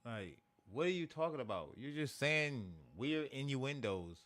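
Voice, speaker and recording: A man's voice: medium pitch, very animated, a little slow. American male streamer, casual rambling reaction commentary. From United States. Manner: loose, rambling, heavy filler "like" and "bro". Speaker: streamer reacting to rap videos.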